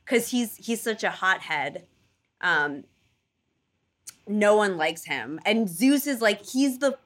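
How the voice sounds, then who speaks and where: A woman telling a story in casual chat, animated, full of fillers and casual swearing, acting out voices for the people in it. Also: mid-range voice, slow pace. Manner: animated storyteller, acts out quoted gods in playful voices.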